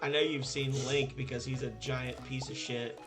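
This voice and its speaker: A man hosting a casual gaming stream, chatting excitably and swearing casually. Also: mid-range voice, normal speed, loud music behind the voice.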